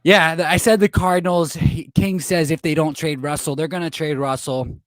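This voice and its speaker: A man's voice: on the high side, fairly even intonation, moderate pace, no room sound. A man hosting a casual sports talk livestream, reading chat questions aloud and ranting with swearing. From not from Boston. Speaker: podcast host.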